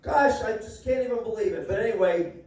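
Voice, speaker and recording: A high-voiced man rants through a stand-up set at a coffee shop open mic, cursing and tripping over his words. His tone is mellow and dark, and he sounds far from the mic in an echoey room. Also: fairly quick. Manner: rambling, profane, stumbling over words. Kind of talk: stand-up comedy rant.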